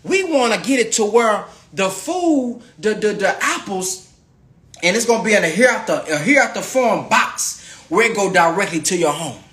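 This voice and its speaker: A man hosting a live stream, pitching a farm venture to his viewers in an emphatic, repetitive way that keeps calling out to the audience. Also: animated, normal speed, fairly bright tone, reverberant. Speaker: livestream host promoting a farm venture.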